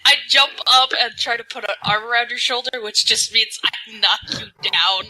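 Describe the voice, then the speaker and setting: A woman playing a tabletop game, giggly and quick to joke. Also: a little high, over a noisy crowd, low-quality recording. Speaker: player. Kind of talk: casual tabletop game chat.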